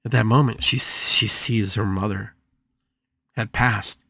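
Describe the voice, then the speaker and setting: A man's voice: fairly low pitch, steady tone, slow, vocal fry, sharp tone, slightly rough, no room sound, studio quality. A man hosting a spiritual podcast, telling a story dramatically with emphatic repetitions. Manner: dramatic, emphatic, repeats phrases for effect. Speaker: podcast host.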